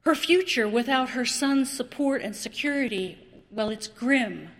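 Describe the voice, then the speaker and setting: Slow dramatic woman preacher in a reverberant church. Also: a little high. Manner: slow, dramatic preaching with long pauses and repetition. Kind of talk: sermon.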